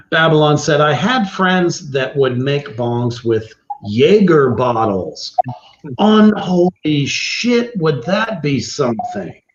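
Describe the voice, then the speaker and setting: A man's voice: a little high, a little hiss or hum. A man hosting a casual livestream, reading viewer comments aloud, swearing freely and laughing often. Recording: roomy, slightly dull sound.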